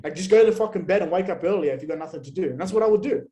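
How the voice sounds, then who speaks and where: A man's voice: high voice, racing, low-quality recording. Blunt, swearing man. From Australia. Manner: blunt, heavy swearing, animated rants. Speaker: podcast guest. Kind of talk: casual conversational interview.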